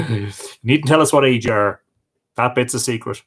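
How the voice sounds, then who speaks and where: An Irish man hosts a livestream, chatting casually and reading viewers' comments out loud while greeting each person by name. His voice is medium-pitched and a little bright, and he talks fairly quickly.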